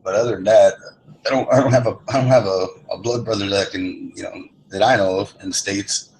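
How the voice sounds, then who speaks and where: Gravelly, swearing middle-aged man. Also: on the low side, fairly even intonation, fairly quick, a little mellow, a little hiss or hum, rough recording. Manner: rambling storyteller, swears a lot. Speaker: lobby chat participant. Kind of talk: casual chat.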